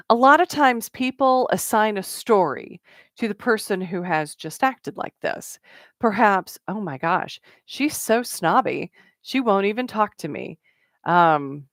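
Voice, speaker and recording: A woman's voice: mid-range voice, no room sound, studio quality. A middle-aged woman talking casually as a networking coach, with many fillers and quoted asides. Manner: conversational with fillers and acted-out quotes. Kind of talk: casual talk to camera.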